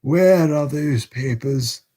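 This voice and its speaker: A man voicing a solemn, grave older gentleman in a storybook reading. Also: a little high, voice pushed up. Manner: solemn, slow, deliberate.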